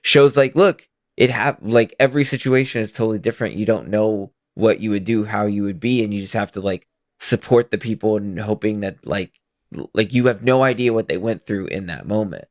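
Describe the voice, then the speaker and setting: A man's voice: fairly low pitch, a little fast, no room sound, clean studio sound. A man talking reflectively in a casual film chat, circling back to his point. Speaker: podcast co-host.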